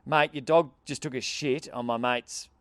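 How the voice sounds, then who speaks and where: A man's voice: medium pitch, moderate pace, no echo. A young Australian man spinning a yarn on a podcast, breaking into laughter and acting out the quotes. His voice sits mid-range and the recording is close and dry. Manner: animated storyteller, laughs often, acts out quotes. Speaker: podcast co-host. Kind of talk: casual chat, storytelling.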